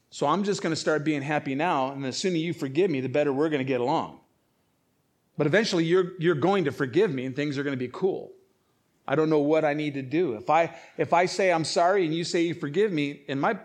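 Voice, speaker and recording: Casting: man, pastor in sermon, fairly high voice, emphatic, stumbling restarts. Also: fairly quick. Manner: repeats words and restarts, emphatic preaching.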